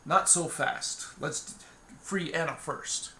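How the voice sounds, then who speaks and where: A man voicing a steady male adventurer who calmly reassures a freed captive in a tabletop game. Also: a little high, slow pace, creaky, echoey room, exaggerated voice. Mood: urgent.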